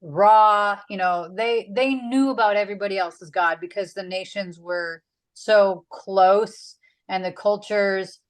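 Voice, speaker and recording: A woman teaches a relaxed Bible study in a chatty, slangy way, sprinkling fillers as she explains. Her voice sits at an ordinary middle pitch for a woman. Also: measured pace, poor audio.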